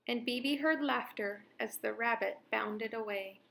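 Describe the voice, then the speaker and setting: A woman narrating a children's storybook in a slow, unhurried way. Her voice sits a little high and stays clear and expressive. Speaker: children's book reader. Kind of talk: storybook read-aloud narration.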